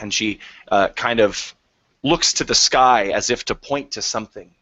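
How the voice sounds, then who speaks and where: A man running a tabletop game as its game master, describing each scene in a halting way with frequent fillers. His voice is fairly low, and the recording is dry and dull, with a lo-fi quality. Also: bright, forceful tone, dry recording.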